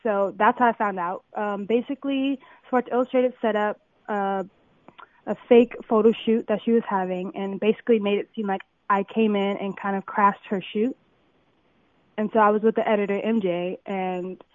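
Excited young woman over a phone line. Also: mid-range voice, moderate pace, no echo. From Compton, California. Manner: excited, filler-heavy storytelling. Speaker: model, interview guest. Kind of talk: phone interview, casual storytelling.

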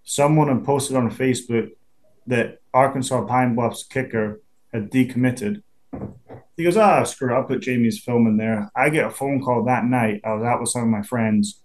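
A man in his twenties with a Scottish accent, a pro football punter chatting in an interview, relaxed and quick to laugh. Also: mid-range voice. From Scotland. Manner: laid-back, chatty, laughs easily, many restarts. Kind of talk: casual interview.

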